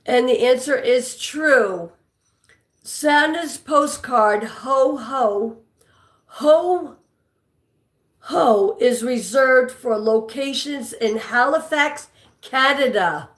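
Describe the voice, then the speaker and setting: A woman's voice: sits high, takes it slowly, fairly bright tone. A woman with a New York accent hosting a live trivia stream, chatting with viewers and reading their comments aloud. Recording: echoey room.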